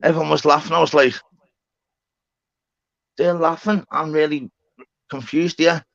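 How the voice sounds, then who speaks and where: Excitable sweary man telling a story. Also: on the high side, unhurried, vocal fry, no room sound. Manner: excitable, sweary, acts out both sides of the story. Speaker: streamer. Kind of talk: animated storytelling on a live panel. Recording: slightly dull lo-fi call audio.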